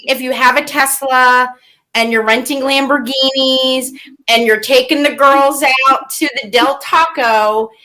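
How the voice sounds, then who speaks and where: A woman's voice: high voice, sharp tone. A woman playing a melodramatic, weepy reality-TV woman in a live comedy parody, whiny and swinging into mock tears.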